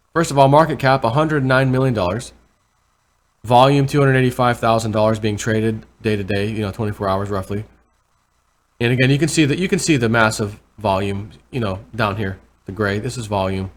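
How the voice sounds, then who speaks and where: A man vlogging casual commentary over price charts, rambling and correcting himself, with excited bursts over numbers. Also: mid-range voice, fairly quick, a little hiss or hum. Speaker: crypto vlogger.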